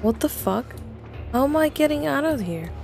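A woman's voice: high voice, animated, normal speed, gravelly, a little mellow, faint music behind. A young woman streaming a horror game live, talking to her chat with jumpy remarks and plenty of swearing. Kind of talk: live gameplay commentary.

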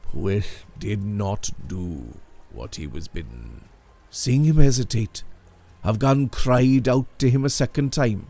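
A man retelling an old legend in measured, dramatic scripted narration. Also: fairly low pitch, sing-song, vocal fry, warm tone. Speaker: storyteller.

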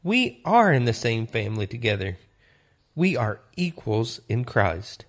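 A man voicing the apostle Paul as a grave older mentor, speaking slowly and solemnly. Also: medium pitch, very animated, voice pushed down.

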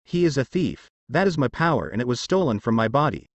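A man voicing a calm, earnest young ninja hero. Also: mid-range voice, brisk, dry recording, natural voice.

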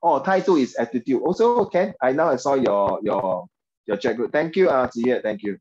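A man's voice: mid-range voice, expressive, normal speed, darkish tone, highs cut off. Singaporean male tutor, chatty. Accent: Singaporean English. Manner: chatty, mixes in Mandarin, frequent okay and right. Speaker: English tutor. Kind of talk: online class teaching.

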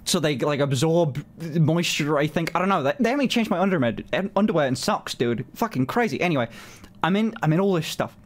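A man telling a story on his stream in a casual, animated way, swearing often and filling his talk with "like". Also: on the high side, fairly quick. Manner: animated, swears a lot, many fillers.

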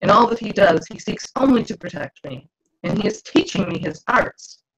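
A woman's voice: mid-range voice, animated, moderate pace, fairly bright tone, slight background noise, voice pushed up. A woman reading as an earnest scholarly young girl. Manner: earnest, archaic. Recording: dull lo-fi video call audio.

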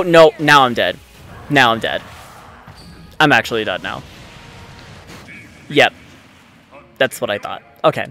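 A man giving live commentary on his own gameplay, excitable and frustrated, swearing often. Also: a little high, normal speed. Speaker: let's play gamer. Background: faint game music.

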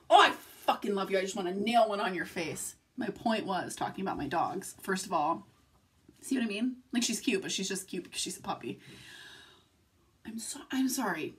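A woman's voice: medium pitch, animated, quick pace, a bit bright. A young woman vlogging casually from home at night, rambling through tangents and swearing often. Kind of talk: casual confessional vlog. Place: home room, filmed at night.

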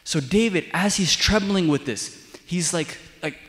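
A man's voice: high voice, measured pace, fairly bright tone, big-room sound. A man preaching a sermon as a deacon, telling stories conversationally and repeating his key lines. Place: church sanctuary.

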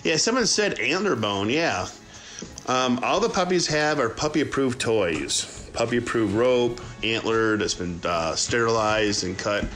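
A man who breeds dogs, chatting casually to viewers while filming his puppies at play and often cooing to them in a high voice. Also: lively intonation, measured pace, a bit bright, soft background music. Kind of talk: casual running commentary to viewers.

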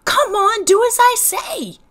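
A woman voicing a bossy older boy who orders the younger children around, higher and louder than her reading voice. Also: lively intonation, unhurried, natural voice. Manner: commanding.

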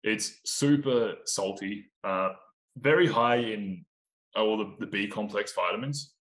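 A man's voice: fairly low pitch, a little slow, a bit bright, rough recording. A man from Australia with a mild Australian accent, chatting casually as a podcast guest, laid-back and swearing freely. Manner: laid-back, swears often, laughs easily. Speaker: guest, pro volleyball player.

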